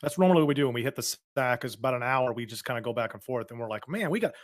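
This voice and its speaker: A man's voice: medium pitch, fairly even intonation, racing. A man co-hosting a podcast, chatting casually in a laid-back, teasing way. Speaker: podcast co-host.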